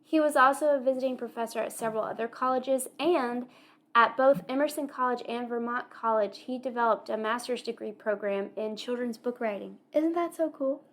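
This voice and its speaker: Woman, fairly high voice, book podcast co-host, casual, enthusiastic. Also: a little fast. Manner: enthusiastic, chimes in with short backchannels.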